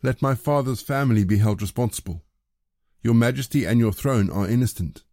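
A man's voice: medium pitch, a little fast, dark tone, dry recording, clean studio sound, lightly acted. A man reading as a pleading widow. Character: pleading widowed woman, clever and earnest.

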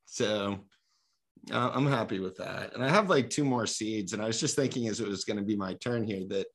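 A man in a casual group chat on a video call, talking in an animated, excitable way. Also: lowish voice, moderate pace.

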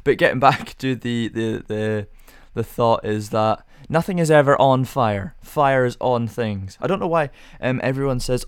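A man's voice: medium pitch, animated, unhurried, few pauses, smooth, dry recording, studio quality. A young man hosting a casual solo podcast, rambling through rhetorical questions with self-amused musing. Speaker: podcast host.

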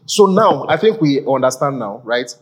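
A man's voice: mid-range voice, sing-song, moderate pace, husky. A man leading a church Bible-study discussion as pastor, often repeating short phrases to keep order.

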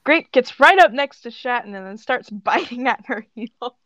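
A woman's voice: fairly high pitch, expressive, normal speed, fairly bright tone, no echo, dull audio. A woman podcast co-host reading an old roleplay story aloud, giggly and full of fillers.

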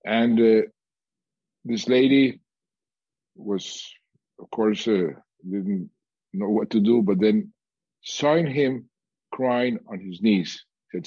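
A man telling a story in a measured, deliberate way, pausing often and restarting his phrases. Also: fairly low pitch, darkish tone, husky, no room sound, muffled recording. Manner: measured, with frequent pauses and restarts. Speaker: guest speaker on peace and reconciliation.

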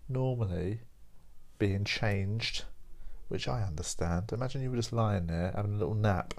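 Man, young adult, podcast host, very deep voice, tired, rambling, wry. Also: moderate pace. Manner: rambling, wry and self-mocking. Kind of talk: casual solo chat.

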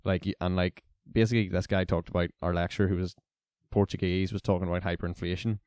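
A man's voice: low-pitched, fast talker, dry recording, clean studio sound. A man in his twenties, a university student telling stories in casual chat and leaning heavily on "like" and "basically". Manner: animated storyteller, leans on "like" and "basically".

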